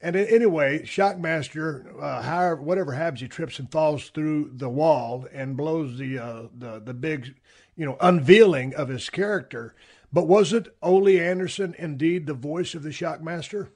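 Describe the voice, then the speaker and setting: A man's voice: a little high, moderate pace, darkish tone. Chatty profane male podcast host. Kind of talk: casual interview chat.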